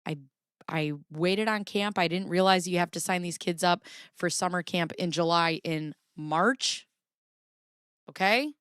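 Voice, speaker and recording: A woman's voice: on the low side, a little slow, fairly bright tone, clean tone, no room sound, clean studio sound. A woman hosting a casual livestream, chatting in a rambling way, greeting her viewers and swearing now and then. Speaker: livestream host.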